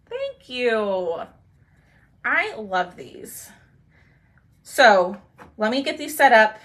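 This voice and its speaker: A bubbly young woman chats her way through a live craft demo. Her voice is bright and a little high, and she keeps thanking viewers by name between steps. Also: big pitch swings, extremely slow, long pauses. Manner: bubbly, talks to viewers while working, thanks commenters. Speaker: craft live-stream host.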